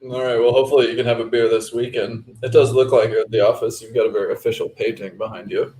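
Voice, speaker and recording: A man's voice: mid-range voice, little pitch movement, quick pace, dark tone. A man hosting a podcast, chatting casually and joking with his guests. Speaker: podcast host. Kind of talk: casual chat.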